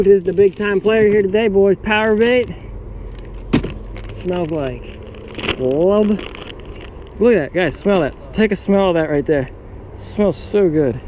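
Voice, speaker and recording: A man hosting a fishing vlog from a boat, casual and excitable, hollering when he lands a fish. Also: sits high, measured pace, pauses often. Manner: excitable, hollers over catches. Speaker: fishing vlogger. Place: outdoors on a small fishing boat. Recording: noisy outdoor boat audio.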